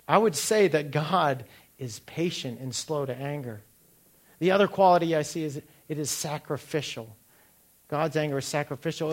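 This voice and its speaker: A middle-aged man giving a sermon, asking the listeners direct questions and telling personal stories. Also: fairly high pitch. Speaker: pastor.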